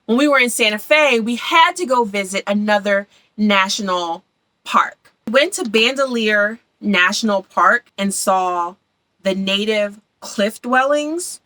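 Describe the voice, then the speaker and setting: A woman's voice: mid-range voice, expressive, measured pace, bright, forceful tone, low-quality recording. A young woman from Philadelphia chatting casually and enthusiastically about her travels, repeating words for emphasis. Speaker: travel vlogger.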